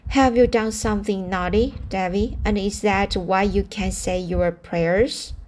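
A patient young woman speaking softly and kindly, coaxing with gentle questions, as a woman reads her in a storybook. The delivery is slow and unhurried at a middle pitch. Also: steady tone, a little hiss or hum, lightly acted.

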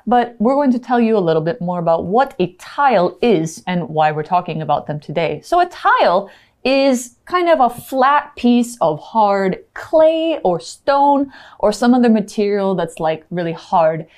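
A woman's voice: medium pitch, expressive, unhurried, a little mellow. Woman teacher chatting thru english vocab w examples, voice goes up and down a lot. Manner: explains words with casual examples. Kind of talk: radio English lesson.

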